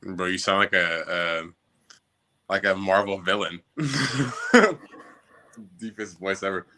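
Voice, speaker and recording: A man with a bright, crisp voice, chatting as a guest in a laid-back, slangy way. He laughs easily and keeps the talk loose and friendly. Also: low voice, slow. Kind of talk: casual chat.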